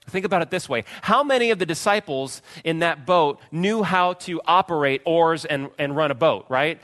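A male preacher with a somewhat high voice delivers a sermon with a strong sense of drama. His lines rise to loud, pleading cries and then fall to near-whispered calm. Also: normal speed, hardly any pauses. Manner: dramatic, swings from loud pleading to hushed quiet. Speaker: pastor.

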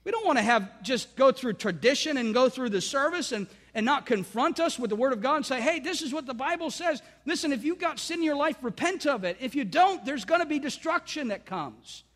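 A man's voice: extremely high pitch, animated, fairly quick, hardly any pauses, a bit bright. A male pastor preaching a sermon to his congregation with fervent emphasis and calls to the listeners. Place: church sanctuary. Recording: long reverb of a church hall.

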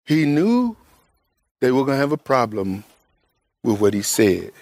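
A man preaching a sermon to his congregation, emphatic and conversational, with everyday vernacular, often jumping up high in pitch to stress a point. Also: big pitch swings, measured pace, a little mellow, no room sound.

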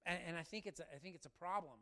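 A man preaching a sermon to his church, animated and talking straight to the congregation. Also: fairly high pitch, rapid-fire. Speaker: pastor.

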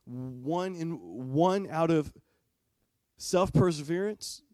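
A man's voice: a little high, slow, dark tone, no room sound. A man preaching a sermon as pastor in a church. He talks conversationally and asks the congregation direct questions.

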